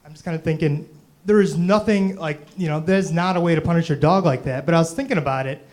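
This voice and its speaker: A man's voice: on the high side, fast talker, a little mellow. A young man doing a stand-up comedy set on stage, rambling and self-deprecating, full of "you know" and "um".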